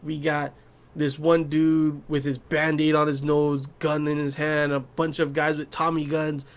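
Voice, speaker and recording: A young man with a fairly high voice hosts a laid-back anime review. He talks in a loose, rambling way, full of fillers, and slips into acted-out lines from the show. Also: little pitch movement, a little slow. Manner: chatty, loose, filler-heavy, acts out scenes in quoted voices. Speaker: anime reviewer, channel host. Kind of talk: casual video review.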